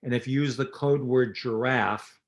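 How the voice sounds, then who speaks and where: A man's voice: mid-range voice, steady tone, a little slow. Older man, dentist-lecturer, anecdotal storytelling, plays out quoted dialogue, interview talk.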